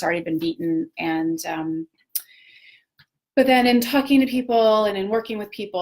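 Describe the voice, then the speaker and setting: A woman, a parent, hosting a casual live talk on personal growth, chatty and reflective, with many fillers and self-corrections. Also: fairly low pitch. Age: adult parent of children. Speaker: host of a live video talk.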